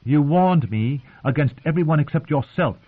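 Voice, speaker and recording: A man reading aloud, voicing a proud, wounded young queen who asks sharp, accusing questions, heard through narrow phone-like sound. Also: on the high side, animated, normal speed, voice pushed up.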